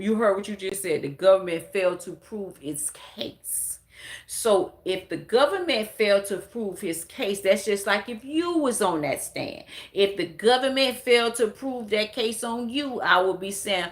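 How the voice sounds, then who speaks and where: A woman on a casual livestream, hosting and talking straight to her audience. She rants in a blunt, emphatic, profane way, her voice sitting at an ordinary middle pitch. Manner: talks straight to her viewers. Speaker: livestream commentator.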